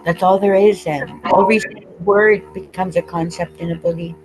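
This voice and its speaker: A woman on a video call, sharing openly and tearfully, halting often and laughing through her tears. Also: fairly low pitch, steady tone, noisy background. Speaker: participant in an online group call. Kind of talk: emotional open sharing.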